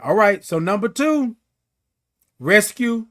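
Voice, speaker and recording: A man's voice: sits high, very animated, slow pace, pauses often, a bit bright. A middle-aged man hosting a morning live show, giving an emphatic, preachy pep talk that repeats key phrases and reads viewer comments.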